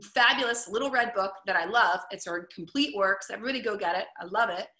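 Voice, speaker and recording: A woman's voice: medium pitch, fast, pushed and bright. A woman coaching in a casual, upbeat talk, full of "like" and "right?". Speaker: wellness coach. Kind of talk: casual teaching talk to camera. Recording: echoey room.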